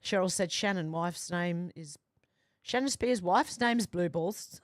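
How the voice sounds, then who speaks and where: A woman's voice: medium pitch, unhurried, no echo, studio quality. A woman hosting a casual livestream, reading viewer comments aloud and adding chatty asides with fillers. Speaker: livestream host.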